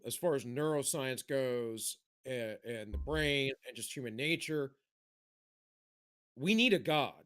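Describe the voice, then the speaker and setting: A man's voice: medium pitch, a bit bright. A man co-hosting a casual podcast chat, talking in a rambling way with many restarts. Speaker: podcast co-host.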